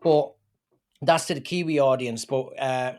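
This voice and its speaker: A man with an Irish accent, a comedian chatting in an interview and telling rambling, animated stories. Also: medium pitch, unhurried. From Ireland. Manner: rambling, animated storytelling with acted-out quotes. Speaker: comedian guest. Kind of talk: casual interview chat.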